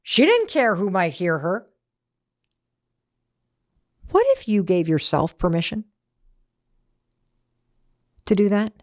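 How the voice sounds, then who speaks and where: A woman's voice: medium pitch, huge pitch swings, slow, long pauses, dry recording, clean studio sound. A woman hosting a motivational talk, telling a story in an emphatic, conversational way. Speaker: host.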